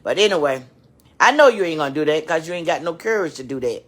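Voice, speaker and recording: A tearful woman with a deep voice speaks quickly and with lively intonation, addressing her channel's viewers directly. Her live-stream rant is emotional, repetitive, and preachy.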